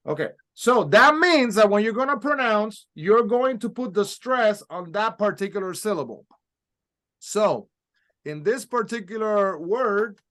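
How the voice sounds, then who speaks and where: A man's voice: high voice, fairly bright tone. A man teaching a pronunciation class, patiently explaining step by step and modeling sounds for learners to repeat. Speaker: Spanish teacher. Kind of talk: recorded language lesson.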